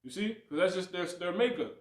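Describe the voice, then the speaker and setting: Animated man teaching scripture, echoey room. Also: high-pitched, a little fast. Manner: preachy, repeats "you see" and "you know what I'm saying", animated swings. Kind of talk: livestreamed Bible lesson.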